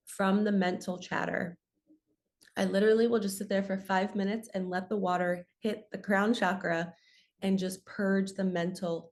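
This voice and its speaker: A woman's voice: mid-range voice, a little mellow. Chatty woman spiritual coach. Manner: earnest, chatty, uses "you guys" and "like". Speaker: spiritual coach and channel host. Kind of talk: solo motivational talk.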